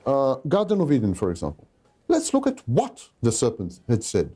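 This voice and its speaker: Didactic man with a dark, husky voice. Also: mid-range voice, wildly swooping pitch, normal speed. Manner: didactic, emphatic, repeats key phrases. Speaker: lecturer. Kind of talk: recorded talk.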